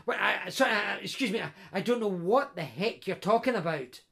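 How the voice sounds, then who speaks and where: A man plays a gloomy young nobleman caught off guard. He stammers and trips over his words. The voice is high with a gravelly edge. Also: animated, fairly quick, fairly bright tone, exaggerated voice. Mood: flustered. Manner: stammering, flustered.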